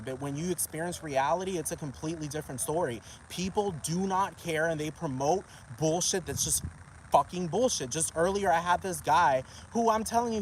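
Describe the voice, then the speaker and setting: A man rants outdoors into his phone in a fairly high voice, swearing hard and pushing his points with sharp emphasis. He keeps breaking off to ask whether you understand him. Faint city traffic hums behind him. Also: poor audio. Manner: repeatedly asks "do you understand what I'm talking about?"; heated and profane, with rising emphasis. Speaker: vlogger. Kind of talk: agitated ranting monologue. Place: outdoors in a parking lot.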